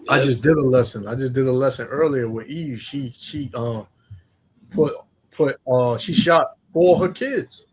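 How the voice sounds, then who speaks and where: A man hosting a relaxed talk stream, drawling with lots of fillers. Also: medium pitch, moderate pace, breathy edge. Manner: laid-back, drawling, many fillers. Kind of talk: casual chat and scripture reading.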